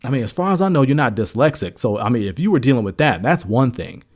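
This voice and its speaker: A man from the United States, co-host of a sports podcast, retelling an event in casual chat, his voice rising high and animated as he gets into the story. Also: quick pace.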